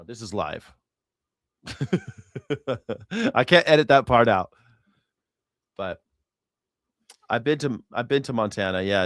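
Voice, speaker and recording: A man's voice: medium pitch, a bit bright, clean tone, dry recording, clean studio sound. A man hosting a live news reaction show, talking casually in a rambling, profane way and correcting himself as he goes.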